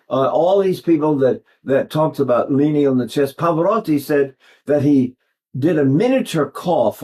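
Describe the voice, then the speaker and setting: A voice teacher in his eighties talks through an informal vocal lesson in a rambling, digressive way, repeatedly pausing to show sounds with his own voice. His speaking voice is mellow and sits somewhat high for a man.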